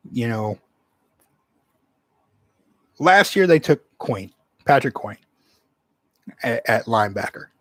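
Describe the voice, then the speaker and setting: A man of ordinary pitch talks through his sports predictions alone, circling back with plenty of fillers and restarted phrases. His voice sits close and dry on the mic, with no room sound around it. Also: no echo. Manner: rambling, many fillers and restarts. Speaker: sports channel host. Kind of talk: casual solo sports commentary.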